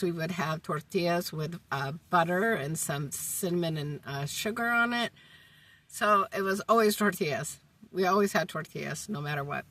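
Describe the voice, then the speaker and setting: A woman's voice: lowish voice, bright, forceful tone, no room sound, distant mic. A woman in her forties talking casually to her camera inside her van, meandering with many ums and uhs, and ending with a folksy, faith-filled goodbye. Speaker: vlogger. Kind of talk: casual rambling talk to camera.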